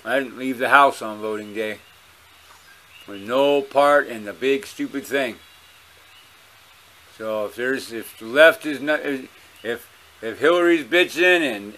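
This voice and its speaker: A man's voice: mid-range voice, measured pace, pushed and bright. A man with a Hawaiian accent talking casually to his viewers at home, rambling, blunt and profane. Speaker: vlogger.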